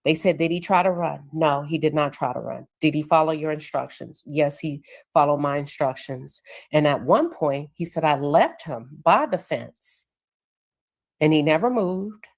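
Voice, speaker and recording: Low-voiced woman hosting a livestream. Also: gravelly. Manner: conversational, pauses to check her notes. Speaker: livestream show host. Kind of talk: casual livestream commentary recounting court testimony.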